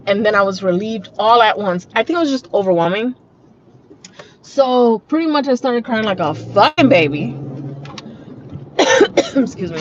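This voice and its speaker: A woman talking casually and bluntly to her viewers while driving, swearing freely as she chats. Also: mid-range voice. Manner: blunt and profane, chatty. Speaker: vlogger. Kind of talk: casual car vlog monologue. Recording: muffled lo-fi audio with road noise. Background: traffic and road noise.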